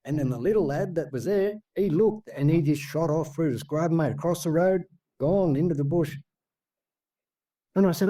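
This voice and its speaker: An Australian man telling a story in a rambling, lively way, full of asides. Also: fairly high pitch, moderate pace, no echo. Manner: rambling, animated, full of asides like "see?" and "mate". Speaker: guest storyteller. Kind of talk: casual storytelling.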